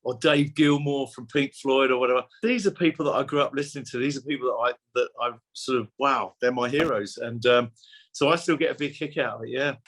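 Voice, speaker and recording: A man's voice: mid-range voice, a little fast, fairly bright tone. Effusive older man telling stories. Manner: effusive, repeats words and restarts, laughs often. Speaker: musician guest. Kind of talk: casual interview chat.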